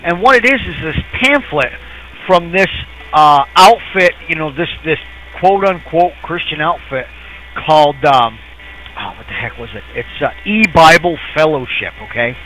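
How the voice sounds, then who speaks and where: Bright-voiced rambling man telling stories. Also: fairly high pitch, expressive, normal speed, a little hiss or hum, low-quality recording. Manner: rambling storyteller, chuckling and sarcastic. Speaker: podcast co-host. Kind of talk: casual chat.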